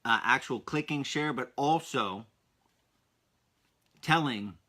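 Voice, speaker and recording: A man in his thirties hosts a kids' podcast in a medium-pitched, sharp-toned voice at a slow pace. Upbeat and enthusiastic, he speaks directly to his young listeners.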